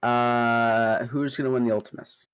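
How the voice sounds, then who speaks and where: A man's voice: medium pitch, flat delivery, measured pace, clear, resonant tone. A man co-hosting a casual podcast, easygoing, with dry quips. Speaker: podcast co-host. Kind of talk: casual chat.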